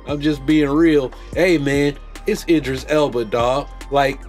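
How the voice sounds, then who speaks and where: Guy with rambling about movies, high voice, laid back and jokey, some music under. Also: steady tone, slow, darkish tone. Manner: loose, joking, slangy, many restarts. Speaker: podcast host. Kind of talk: casual movie commentary.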